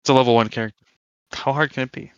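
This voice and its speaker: A man, the game master, telling lively stories about his tabletop game in casual chat, laughing between lines. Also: medium pitch, rapid-fire, smooth, dry recording. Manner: laughing, animated storytelling with many fillers. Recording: dull lo-fi dry recording.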